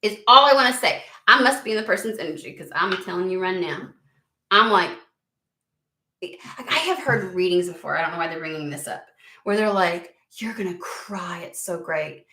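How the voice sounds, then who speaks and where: A woman's voice: fairly low pitch, animated, brisk, bright, forceful tone, echoey room. Blunt, swearing tarot reader woman. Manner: blunt, profane, exasperated ranting. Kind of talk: casual tarot reading monologue.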